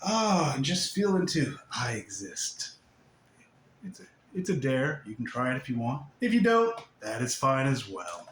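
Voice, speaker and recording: Lively, laughing spiritual teacher. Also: male voice, medium pitch, moderate pace, few pauses. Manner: playful, laughs often, swings between loud and hushed. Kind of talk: spiritual talk to camera. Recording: echoey room, faint background hiss.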